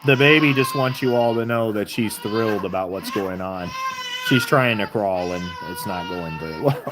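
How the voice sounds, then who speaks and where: A woman's voice: very deep voice, expressive, normal speed, noisy background. A woman from southern Missouri with a Southern accent, hosting a casual live stream, chatting with viewers and reading their comments aloud. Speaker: livestream host.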